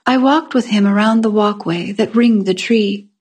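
Breathy woman narrating a fantasy tale. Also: medium pitch, moderate pace, darkish tone. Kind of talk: scripted fiction narration.

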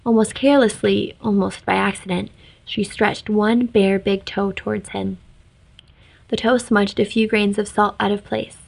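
A woman reading a fantasy story aloud in an even, measured way. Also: medium pitch, gravelly, rough recording. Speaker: story reader. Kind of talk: scripted narration of a fantasy story.

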